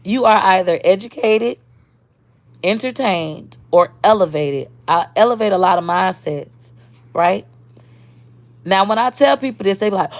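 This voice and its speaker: Blunt, gravelly woman on a live stream. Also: medium pitch, animated, moderate pace, dry recording. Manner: blunt, streetwise, reads and answers viewer comments. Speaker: social media creator. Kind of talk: casual live-stream talk.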